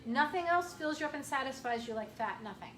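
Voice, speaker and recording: High-pitched woman doing a chatty health talk to a group, echoey room, mic kinda far off. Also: expressive, fairly quick, a bit bright, a little hiss or hum. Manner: chatty, emphatic, clears throat often. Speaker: chiropractor giving a health talk. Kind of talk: casual health workshop talk. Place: room with an audience.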